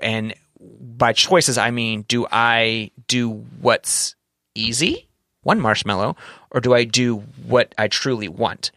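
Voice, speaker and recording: A podcast co-host speaks slowly in a mid-range voice with a sharp edge, recorded dry and studio-clean. He chats casually, rambling and correcting himself, candid and occasionally swearing.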